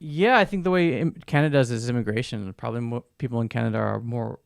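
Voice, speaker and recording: Gravelly American man chatting. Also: medium pitch, fast talker, no room sound, studio quality. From United States. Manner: relaxed, hesitant, many fillers. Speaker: podcast co-host. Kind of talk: casual chat.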